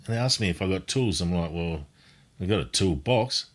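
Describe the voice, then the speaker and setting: Deep-voiced man telling a laid-back story. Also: expressive, a little fast. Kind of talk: casual chat.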